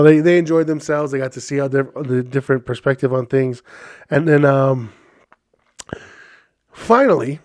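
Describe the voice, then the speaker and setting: A man from Hawaii in his thirties, a podcast host telling a casual story in a chatty, animated way with many fillers. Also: mid-range voice.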